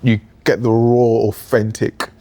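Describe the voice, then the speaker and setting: A man's voice: medium pitch, unhurried. A young man chatting casually as a podcast co-host, rambling through stories with lots of fillers. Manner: relaxed, rambling, filler-heavy storytelling. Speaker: podcast co-host, new father. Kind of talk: casual chat.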